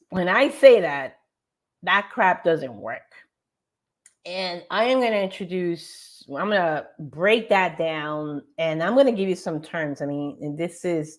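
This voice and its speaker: A woman hosting a morning show, giving an emphatic, animated motivational talk over slides and speaking straight to her audience. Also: fairly low pitch. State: tired.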